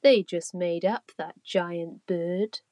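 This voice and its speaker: A woman's voice: lowish voice, slow, mellow, dry recording, studio quality. A woman voicing a lanky, greedy male thief who whines.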